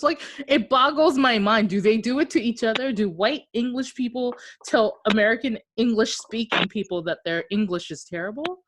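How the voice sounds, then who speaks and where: A woman's voice: fairly high pitch, expressive, normal speed, hardly any pauses, no room sound. A woman from Okinawa co-hosting a podcast, telling stories in casual chat, swearing freely and acting out the voices of the people she quotes. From Okinawa, Japan. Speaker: podcast co-host.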